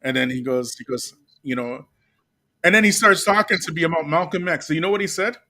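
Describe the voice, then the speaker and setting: Bright-voiced animated male host. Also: fairly high pitch, fairly quick. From Canada. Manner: animated, drops "you get me" asides. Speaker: channel host. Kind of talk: casual commentary and storytelling.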